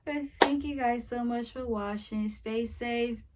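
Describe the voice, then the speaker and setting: A woman's voice: a little high, a little slow, very noisy. Chatty young woman vlogger. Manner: chatty, rambling, friendly sign-off. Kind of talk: casual chat to camera.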